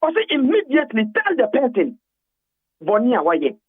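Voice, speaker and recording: A man phones in to a radio talk show, his high voice coming through a thin, tinny phone line. He talks emphatically and drives his points home by repeating words over and over. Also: huge pitch swings, normal speed, breathy edge, no room sound. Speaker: phone-in guest. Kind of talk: animated phone-in account.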